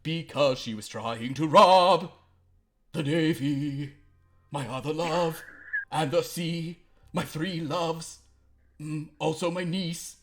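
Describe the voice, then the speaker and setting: A man's voice: fairly high pitch, slow pace, voice pushed up. A man voicing a pompous, lovesick older naval commodore who laments theatrically and breaks into song. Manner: theatrical, mournful, bursts into song.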